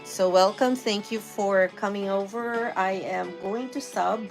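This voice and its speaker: A woman's voice: mid-range voice, measured pace, creaky. A middle-aged woman from the Philippines with a light Filipino accent, chatting on a live stream and greeting viewers by reading out their comments. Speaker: livestream host. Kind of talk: casual live-stream chat. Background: faint guitar music.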